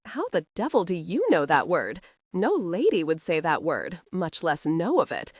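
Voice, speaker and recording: A cocky young gentleman who mocks and needles as a woman reads him aloud. The voice sits low yet swings widely in pitch. The recording is dry and close, storybook audiobook style. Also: big pitch swings, moderate pace, breathy edge, dry recording. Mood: shocked. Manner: mocking, needling. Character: brash young male horseman, teasing and arrogant.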